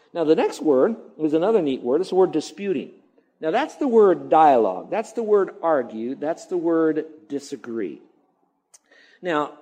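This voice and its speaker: A man's voice: on the high side, darkish tone, low-quality recording. A male pastor preaching a sermon, emphatic and repeating phrases for effect.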